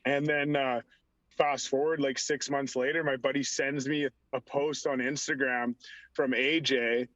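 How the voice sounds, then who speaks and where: A man's voice: medium pitch, fairly even intonation, measured pace, a bit bright, no echo. A young man and former hockey player, a podcast guest, telling a story in casual interview chat, rambling and saying "like" constantly. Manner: rambling, heavy use of "like". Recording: dull lo-fi audio.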